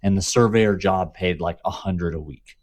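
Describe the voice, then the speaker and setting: A man's voice: low voice, moderate pace. A man co-hosting a podcast in casual chat, explaining history in rambling detail with many fillers. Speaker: podcast co-host.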